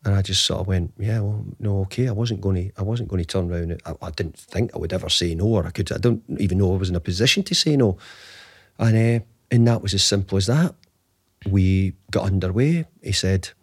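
A man in his fifties, a guest in an interview, tells a long rambling anecdote, restarting often. His low voice is brisk and slightly rough, captured in a dry, clean studio recording.

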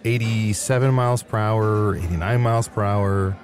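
A man improvising in a role-play, animated and often incredulous. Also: lowish voice, moderate pace, music in the background. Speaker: player.

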